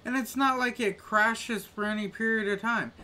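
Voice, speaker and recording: A man's voice: sits high, steady tone, moderate pace, pushed and bright. A man grumbling casually to his live-stream chat while he plays a game, with exasperated little rants.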